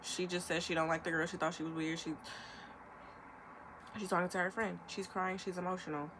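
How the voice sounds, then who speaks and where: Over background noise, an emphatic young woman with a fairly low-pitched voice delivers a rant on camera as a vlogger. She talks in quick bursts, animated and punctuated by imitated quotes.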